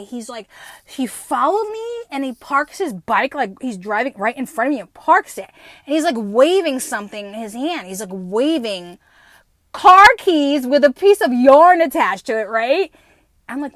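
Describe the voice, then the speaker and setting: A woman's voice: fairly high pitch, no room sound. A woman in her fifties hosting her own podcast, telling a rambling story with lots of swearing and acted-out dialogue. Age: 50s. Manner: swearing, animated, acts out her own and others' lines. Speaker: podcast host. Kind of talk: casual storytelling monologue.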